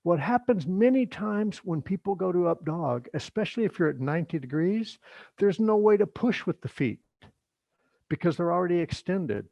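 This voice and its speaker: A middle-aged man leading a yoga workshop, giving instructions in a relaxed, chatty way with joking asides. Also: sits high, moderate pace, vocal fry, dry recording. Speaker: yoga teacher.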